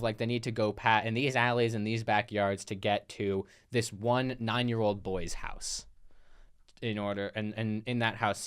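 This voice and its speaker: Smooth-voiced man recapping a film plot. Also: lowish voice. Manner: rambling plot recap with restarts and mock quotes. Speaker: podcast co-host. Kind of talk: casual film review chat.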